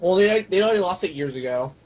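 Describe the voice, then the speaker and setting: A man's voice: high-pitched, lively intonation, quick pace, darkish tone. A young man trading wisecracks and mumbled asides in a casual chat. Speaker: co-host, joking sidekick. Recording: dull lo-fi home recording with faint hiss.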